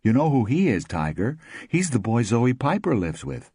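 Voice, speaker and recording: A man's voice: medium pitch, very animated, moderate pace, a little mellow, breathy edge, no room sound, studio quality, voice pushed up. A male narrator voicing Portia, a chatty, earnest woman from the theater world. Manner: earnest, gossipy.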